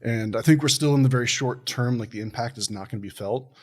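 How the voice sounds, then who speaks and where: A man's voice: mid-range voice, fast. Easygoing man podcast host. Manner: relaxed, easygoing, filler-heavy. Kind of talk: casual conversation.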